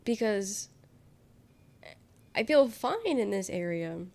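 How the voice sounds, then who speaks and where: A woman's voice: medium pitch, sing-song, slow, a little mellow. Nasal-sounding sick young woman streamer. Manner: rambling, giggly, swears freely. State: sick, congested. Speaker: live streamer. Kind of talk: casual chat with live viewers.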